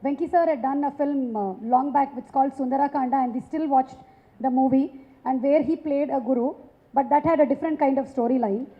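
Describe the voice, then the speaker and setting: A woman's voice: sits high, a little fast. A woman hosting a film launch event, prompting her guests with questions. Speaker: event host. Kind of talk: interviewing guests. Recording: muffled phone-like sound.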